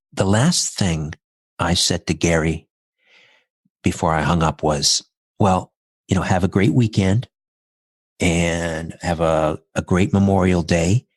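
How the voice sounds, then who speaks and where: A man's voice: low-pitched, slightly rough, no echo, clean studio sound. A middle-aged man, a podcast guest, telling a personal story in an earnest, reflective way, step by step.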